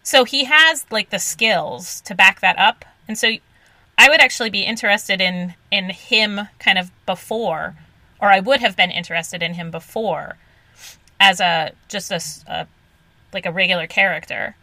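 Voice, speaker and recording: Bright-voiced woman co-host, chatty and laughing, close dry mic. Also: mid-range voice, normal speed, no echo, poor audio. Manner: chatty, many "like" fillers, laughs easily. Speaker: podcast co-host. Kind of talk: casual comics podcast chat.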